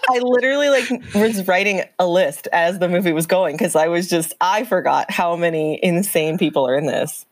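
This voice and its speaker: A woman in her thirties, a podcast guest, chatting in an animated, giggly way with many fillers. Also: lowish voice, moderate pace, few pauses. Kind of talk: casual chat.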